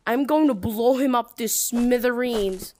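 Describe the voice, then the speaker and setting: A woman giving casual gameplay commentary with excitable, bossy trash talk. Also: on the high side, measured pace, a little hiss or hum. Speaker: gamer.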